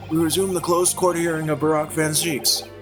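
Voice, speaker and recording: A man's voice: fairly high pitch, flat delivery, music in the background, voice pushed up, close to an everyday voice. A man voicing a formal male judge presiding over a trial. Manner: formal, brisk.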